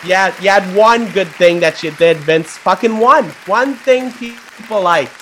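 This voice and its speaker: A man's voice: high-pitched, unhurried, fairly bright tone, some chatter behind, slight background noise. A man hosting a show in a comedy sketch, ranting bitterly and swearing constantly. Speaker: show host.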